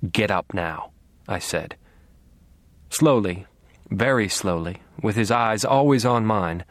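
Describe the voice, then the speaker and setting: A man narrating a first-person audiobook in a quiet, measured, menacing way. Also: lowish voice, no room sound.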